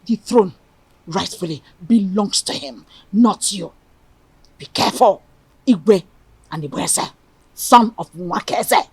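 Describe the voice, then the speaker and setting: A woman's voice: medium pitch, slow pace, long pauses, a little mellow, slightly rough, heavily acted. An actress with a Nigerian accent playing a stern widowed mother who warns her late husband's brother. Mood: threatening. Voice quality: commanding, warning tone.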